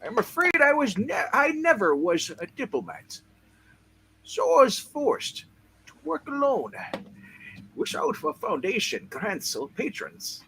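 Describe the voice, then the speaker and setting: A man performs a boastful, crude young scientist in a comic-book reading, his voice very high, wildly animated and bright with gravel in it. Faint noise sits under the recording. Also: measured pace, full character voice. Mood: brash.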